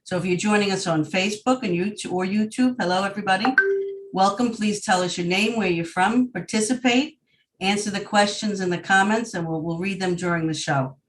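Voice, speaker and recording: A woman's voice: mid-range voice, fairly quick, far from the mic, slight background noise, low-quality recording. A woman from Long Island with a New York accent, hosting an online group event in a friendly, welcoming, chatty way. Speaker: host. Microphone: video call.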